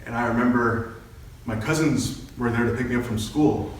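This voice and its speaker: A man's voice: medium pitch, moderate pace, slight background noise. A young man giving an earnest personal speech, telling his own story to a meeting. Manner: earnest, storytelling, quotes himself and others. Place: meeting hall. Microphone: far from the microphone. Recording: very echoey hall from far off.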